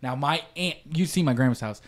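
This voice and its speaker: This podcast co-host, a young man, speaks briskly in a medium-pitched voice. His casual chat turns into a rambling story laced with swearing, with the quotes acted out.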